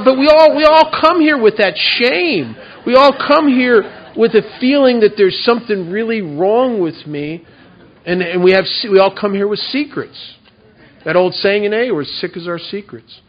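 Guy telling his recovery story at a meeting, candid and kinda self-mocking, higher voice, muffled lo-fi sound. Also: a bit bright. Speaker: recovery speaker.

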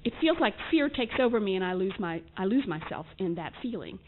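A woman gives a candid personal testimony at a support group meeting, mixing wry humor into her story and acting out old conversations. Her voice sits at an ordinary middle pitch. The audio is narrow and phone-like, with a faint hiss underneath. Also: expressive, fairly quick. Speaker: speaker sharing at a recovery group meeting.

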